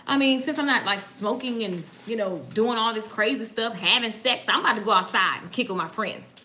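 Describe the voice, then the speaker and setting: Bright, lively woman with a sassy drawl. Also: fairly high pitch. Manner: sassy, animated, laughs often. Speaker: host. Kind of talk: casual chat.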